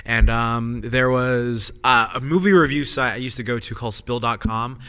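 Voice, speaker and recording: A man's voice: medium pitch, fairly even intonation, moderate pace, pushed and bright, clear, resonant tone. A man on a convention panel telling a casual, rambling story full of "I was just like" asides. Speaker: podcast panelist. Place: convention panel room with audience.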